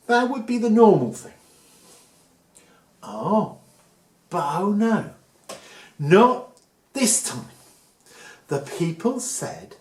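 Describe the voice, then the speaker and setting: Male storyteller, children's story, animated, lively pitch, roomy echo. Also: extremely slow, long pauses. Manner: animated, playful. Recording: echoey room.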